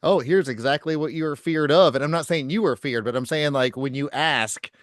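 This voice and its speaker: A male podcast host talks in a relaxed, chatty way with a slightly high voice. He reacts quickly and laughs easily. The sound is dry and close to the mic. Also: no room sound. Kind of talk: casual chat.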